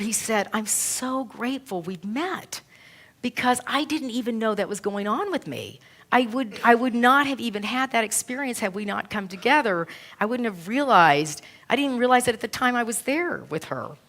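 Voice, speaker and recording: A woman's voice: on the high side, a bit bright. A woman minister preaches to her congregation, weaving a personal story into the sermon. Her delivery is earnest and emotional, and she retells other people's words in her own voice. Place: church.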